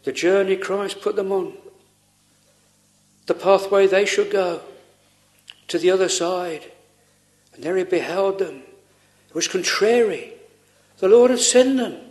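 A man preaching a sermon in an earnest, pleading way, full of pauses and rhetorical questions. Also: sits high, a little mellow.

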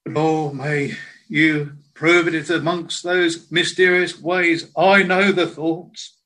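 A man preaching a sermon in a slow, earnest way, quoting scripture in old biblical language. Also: a little high, level tone, fairly bright tone, low-quality recording.

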